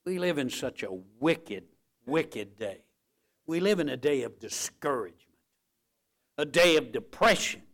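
A man's voice: medium pitch, lively intonation, a little slow, fairly bright tone. An older male pastor preaching a sermon, emphatic and repetitive, checking in with the congregation with "all right?".

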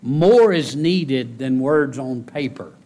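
A man preaching a sermon in a folksy way, repeating key phrases and rising into loud exhortation. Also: expressive, takes it slowly. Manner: rises to loud, high-pitched exhortation. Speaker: pastor.

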